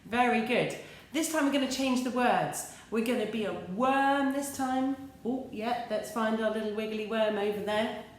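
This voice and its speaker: A woman's voice: on the high side, moderate pace, recorded from a distance. An English woman, an early years teacher, leading young children through simple action songs in a sing-song, encouraging way. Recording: echoey room with light music.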